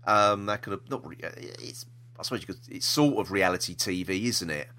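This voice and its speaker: A man co-hosting a podcast speaks in a low voice with a sharp tone, a little fast. His casual chat is chatty, jokey, and rambling.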